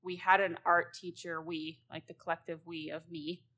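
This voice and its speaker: A woman's voice: fairly low pitch, level tone, normal speed, pushed and bright. A young woman hosting a casual solo talk on writing, chatty and rambling, laughing as she goes. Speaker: podcast host, novelist.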